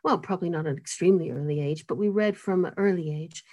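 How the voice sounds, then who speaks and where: An older woman whose accent sits between American and British talks in a fairly low voice. She tells her story in an animated, self-mocking way and laughs often. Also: quick pace. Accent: mid-Atlantic mix of American and British. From United States. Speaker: guest author and cellist. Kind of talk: conversational interview storytelling.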